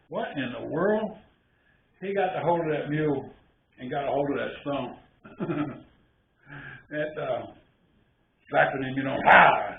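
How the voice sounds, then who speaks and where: An older man in his sixties tells rambling, folksy stories in a relaxed, casual way. His voice sounds tinny and narrow, as if it came down a phone line, and it echoes in a roomy space with a faint hiss behind it. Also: a little high. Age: 60s. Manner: folksy, rambling, with many restarts. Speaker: cooking channel host. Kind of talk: casual storytelling.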